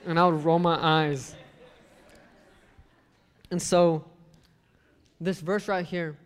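A man preaching a sermon, telling personal stories in a lively way and acting out the voices of the people in them. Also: on the high side, slow, clean tone. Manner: lively storyteller who acts out the people he quotes. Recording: long echo of a large hall.

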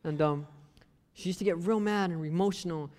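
A young man with a drawl talks through a sermon like a conversation, quoting scripture and dropping joking asides. His voice sits fairly high for a man. It rings out in a hall with long reverb. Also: brisk, darkish tone. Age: young adult. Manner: conversational, joking asides, acts out family quotes. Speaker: lay preacher. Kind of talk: casual sermon talk with scripture.

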